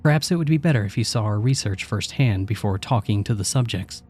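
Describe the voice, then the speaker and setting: A man's voice: fairly low pitch, brisk, faint music behind. Man reading a cool female lab doctor. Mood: composed. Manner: calm, matter-of-fact explaining.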